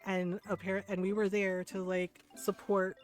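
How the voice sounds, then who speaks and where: A woman's voice: medium pitch, little pitch movement, measured pace. A woman streamer telling personal stories in casual chat, often tagging her sentences with "right?". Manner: chatty, often adds "right?". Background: background music.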